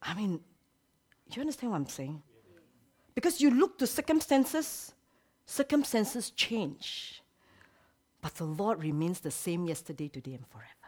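A woman pastor preaching a sermon. She drops to hushed whispers, then rises to loud exclamations. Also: fairly low pitch, sing-song, a little slow, pauses often, slightly rough.

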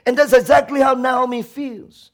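A man preaching a sermon, swinging from loud, shouted lines to quiet, low passages and acting out laments with emotion. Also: fairly even intonation, normal speed. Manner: acts out quoted prayers and laments with emotion. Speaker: pastor.

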